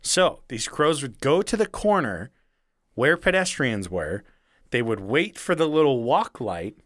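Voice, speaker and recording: A man's voice: mid-range voice, very animated, a little slow, fairly bright tone, no room sound, clean studio sound. A man telling a rambling story in casual chat, chuckling now and then and swearing freely.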